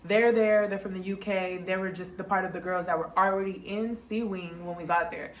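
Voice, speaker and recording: A young woman telling a casual storytime in a slangy, animated way, jumping up high when she quotes people. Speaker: storytime vlogger. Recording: echoey room.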